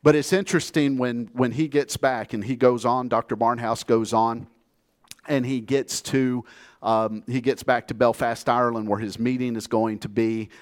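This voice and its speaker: An American pastor preaches from the pulpit in an earnest, plainspoken manner. He tells his story steadily, with a voice of ordinary pitch for a man. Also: darkish tone. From United States. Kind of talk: sermon.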